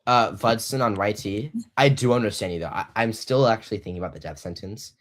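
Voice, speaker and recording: Deep-voiced teen boy hosting a stream. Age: teens. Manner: halting, many fillers and restarts. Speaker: debate host. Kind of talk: casual live-stream debate hosting.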